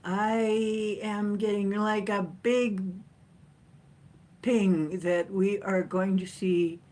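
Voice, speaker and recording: A woman hosting a casual livestream chat from home, rambling and chatty with frequent laughs and playful jumps in pitch. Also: fairly even intonation, very slow, a little mellow. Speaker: livestream host. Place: at home, sitting in a chair with a cat.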